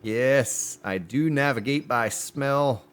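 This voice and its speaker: A man's voice: slow pace, clear, resonant tone. A man streaming a survival game live, chatting with his viewers as he plays. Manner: animated, pitch jumps on exclamations. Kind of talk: live gameplay commentary.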